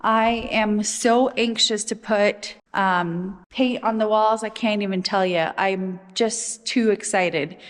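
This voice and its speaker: A woman with a medium-pitched voice talks in a chatty, eager way as she shows off her project. Her voice rings around a bare, roomy shop with a long reverb tail. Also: slow, few pauses. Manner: chatty and enthusiastic. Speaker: vlogger. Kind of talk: casual chat. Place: unfinished shop building.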